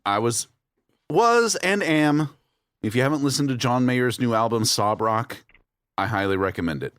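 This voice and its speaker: A man's voice: medium pitch, expressive, a bit bright, no echo, studio quality. A man co-hosting a podcast, casual and joking. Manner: wisecracking, quick jokes. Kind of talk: casual chat.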